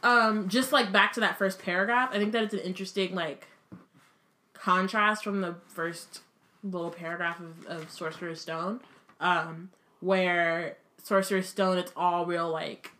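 A woman's voice: on the low side, steady tone, a little slow, sharp tone. A tired woman co-hosting a podcast, chatting casually with lots of fillers and frequent laughs. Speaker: podcast co-host. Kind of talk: casual chat.

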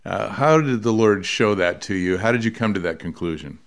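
Smooth, low-voiced male host. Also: expressive, brisk. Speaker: podcast host. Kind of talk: conversational interview.

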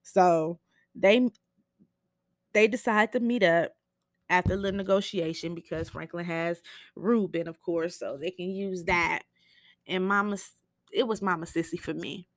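A woman's voice: on the low side, fairly even intonation, a little slow, long pauses, no room sound. A young woman hosting a TV recap podcast, telling the episode in a blunt, profane, chatty way. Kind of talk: casual spoken show recap.

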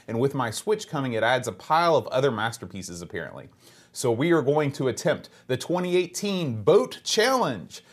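Casual male podcast host reading mail. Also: mid-range voice. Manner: relaxed, chatty, frequent uh fillers, reads emails aloud.

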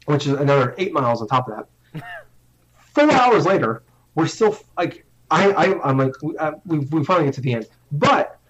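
A young man with a slightly high, sing-song voice and a fairly bright tone rambles through a long story at normal speed, casually swearing and mocking himself. His sentences stumble and restart as he goes. The audio is a bit dull and lo-fi, with slight background noise.

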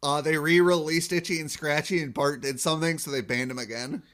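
A podcast co-host talking casually through a cartoon episode. His voice sits a touch high for a man, and he rambles, laughs often and acts out the characters' lines as he goes. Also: fairly even intonation, fairly quick, fairly bright tone.

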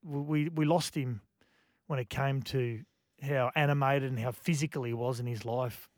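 Man, radio guest, reflective, stop-start delivery, mid pitch, dry sound. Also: steady tone, dry recording. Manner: halting, reflective, many restarts. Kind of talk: casual radio chat.

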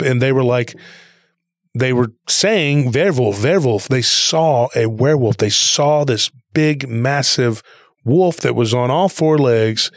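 A man's voice: medium pitch, no room sound, studio quality. A man casually retelling a story he heard, rambling along with plenty of "he goes" and "he's like".

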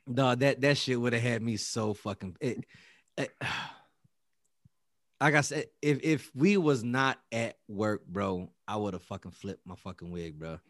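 A man of Latin American heritage telling a story in casual chat, animated and profane, often repeating and restarting words. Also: mid-range voice, a little slow, no room sound, studio quality.

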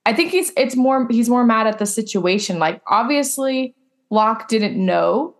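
A woman's voice: a little high, expressive, a little slow. Chatty young woman podcaster. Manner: rambling, lots of "like" fillers. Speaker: podcast co-host. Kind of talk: casual chat.

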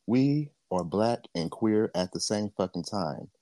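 A man's voice: lowish voice, lively intonation, measured pace, mellow, no echo. Blunt, profane man ranting on a podcast. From Jamaica. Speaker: podcast co-host. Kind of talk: casual podcast rant.

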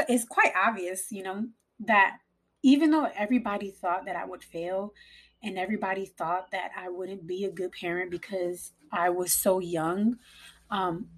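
A young woman and mother telling a personal story casually, rambling with lots of "like" and cursing freely. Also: mid-range voice. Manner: rambling, frequent "like", swears freely.

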